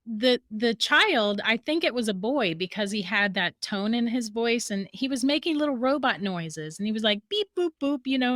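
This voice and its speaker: A woman as a podcast guest, telling a story in a lively way and laughing through it. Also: on the high side, dry recording, studio quality.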